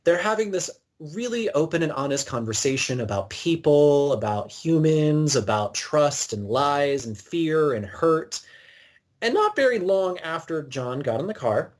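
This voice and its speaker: A man co-hosting a podcast, recapping an episode in an animated, storytelling way and acting out bits of dialogue. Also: on the high side, unhurried. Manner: animated storyteller, acts out quotes. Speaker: podcast co-host.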